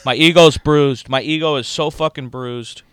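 A man's voice: a little high, moderate pace, smooth, dry recording, studio quality. A man co-hosting a podcast in casual chat, swearing freely and telling self-mocking stories. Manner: profane, self-mocking, animated storytelling. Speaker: podcast co-host.

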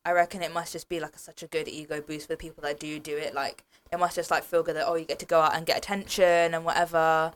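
A young woman co-hosting a casual podcast chat, playful and quick to laugh. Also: low-pitched, level tone. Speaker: podcast co-host.

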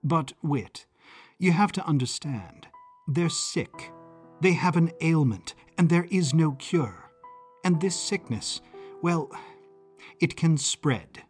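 A man voicing a grave, composed woman who explains a dark secret calmly. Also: on the high side, takes it slowly, soft background music.

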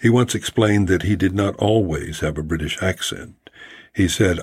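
Male podcast host, wry storyteller; low, husky voice, dry close sound. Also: moderate pace, no echo. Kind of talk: scripted podcast narration.

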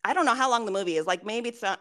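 This co-host of a laid-back podcast talks very fast in a mid-range voice. Her speech is full of swearing, and she acts out her friends' lines in animated retellings.

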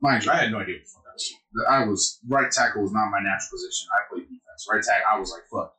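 A man's voice: on the low side, rapid-fire, pushed and bright, roomy sound, low-quality recording. A young man on a podcast, telling a story in a casual, profane way and laughing often. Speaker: podcast co-host.

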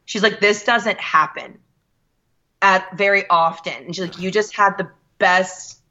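A woman in her thirties telling a story in a casual chat, animated and quoting people as she goes. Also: mid-range voice, unhurried, dull audio. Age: 30s. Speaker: guest.

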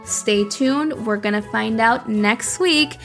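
A woman hosting a podcast, recapping a story in a chatty, expressive way and slipping in Spanish words. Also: on the high side, slow pace, soft background music. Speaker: podcast host.

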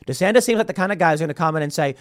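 A man hosting a podcast, giving opinionated, animated political commentary into a studio mic. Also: on the high side, racing, no echo. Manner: opinionated, animated, slips into impressions. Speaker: podcast host.

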